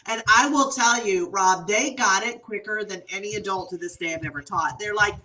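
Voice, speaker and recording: A woman consultant, a guest on the show, telling stories in an animated, exclamatory way and laughing often. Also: mid-range voice, moderate pace, recorded from a distance, background noise. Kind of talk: storytelling interview answers.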